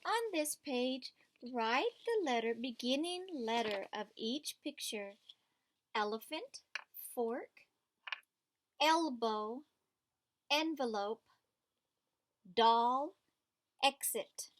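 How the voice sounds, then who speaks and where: Woman, teacher, reading a storybook aloud to kids, expressive, asks questions, slow delivery. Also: a little high. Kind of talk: reading a picture book aloud to children.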